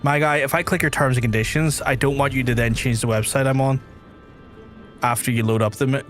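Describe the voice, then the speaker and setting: A man with a Northern Irish accent talks through a gaming stream in a middle-range voice, rambling from one gripe to the next. He slides into exasperated mock rants, with soft game music playing faintly underneath. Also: mid-range voice, steady tone, brisk. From Northern Ireland. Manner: rambling, exasperated ranting with mock-outraged quoted asides. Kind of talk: casual gaming-stream chat.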